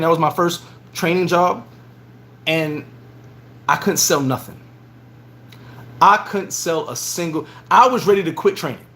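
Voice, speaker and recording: High-voiced man telling stories. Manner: animated, repeats words while telling stories. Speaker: vlogger. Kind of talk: casual storytelling monologue.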